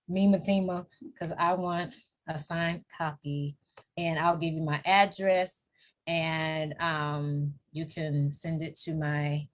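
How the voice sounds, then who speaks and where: A woman from New York with a New York accent, hosting a casual live-stream interview and cheering her guest on with playful, lively energy. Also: on the low side. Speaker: host.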